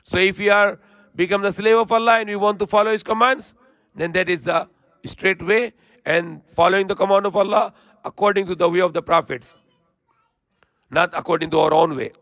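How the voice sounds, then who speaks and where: Male religious teacher, quick recitation with a high, bright voice; dry, close recording. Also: no room sound. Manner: recites verses quickly, then explains in slow plain English. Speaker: Islamic teacher. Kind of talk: Quran lesson with recitation and translation.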